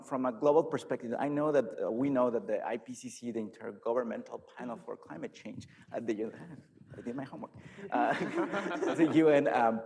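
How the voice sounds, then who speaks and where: A man's voice: medium pitch, a little mellow. A man with a mid-range voice moderates a panel discussion. He introduces the speakers and asks his questions with a light, joking touch.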